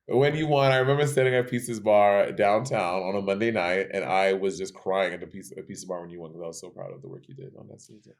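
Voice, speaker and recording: A man's voice: low voice, fairly even intonation, quick pace, creaky, few pauses. A man co-hosting a podcast, teasing his friend in sassy casual banter. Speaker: podcast co-host. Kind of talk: casual chat.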